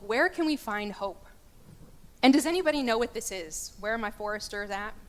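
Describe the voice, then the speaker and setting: A woman giving a candid, lively lecture as a guest speaker, joking with her audience. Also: mid-range voice. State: getting choked up. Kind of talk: lecture talk. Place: large church. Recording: echoey church hall.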